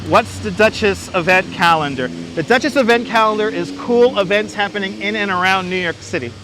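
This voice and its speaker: A man's voice: high-pitched, a little fast, noisy background. Chatty man livestreaming from city streets. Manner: chatty, greets viewers and reads their comments aloud; enthusiastic. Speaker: livestream host. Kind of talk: casual walking livestream chat. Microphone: wireless clip-on mic.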